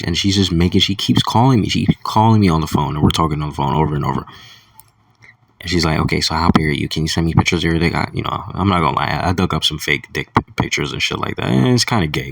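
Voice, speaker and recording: A man's voice: low-pitched, creaky, no echo, recorded from a distance. A young man talking in a crude, rambling casual monologue, chuckling between thoughts. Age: young adult. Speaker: vlogger.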